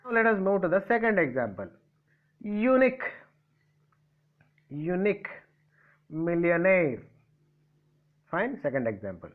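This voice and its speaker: A man's voice: on the high side, very animated, moderate pace. A man from India teaching a grammar lesson, spelling out letters and asking and answering his own questions. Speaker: English teacher. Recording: tinny phone-like audio.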